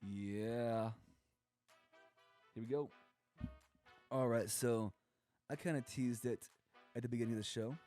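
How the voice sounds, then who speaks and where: A man's voice: medium pitch, fairly even intonation, slow pace, pauses often, warm tone, soft background music. A young man talking casually on a podcast, rambling and joking as he acts out quoted voices. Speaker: podcast co-host. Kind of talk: casual comedic monologue.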